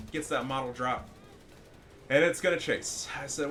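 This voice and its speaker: Brief: male gameplay commentator, bright tense voice, excitable and profane, slight background noise. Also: mid-range voice, moderate pace. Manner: excitable, profane, gets loud at big moments. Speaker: gaming commentator.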